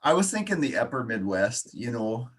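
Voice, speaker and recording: A man's voice: mid-range voice, sing-song, moderate pace, a bit bright, husky. A man hosting a casual podcast chat, teasing his co-hosts with dry humor. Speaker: podcast host.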